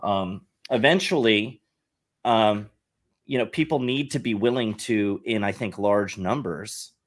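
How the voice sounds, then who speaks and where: A man with a fairly low voice, speaking as a podcast guest. He talks through his points earnestly and at length, often circling back with "like" and restarts. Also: a little slow. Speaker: podcast guest, satire site head. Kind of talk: casual podcast conversation.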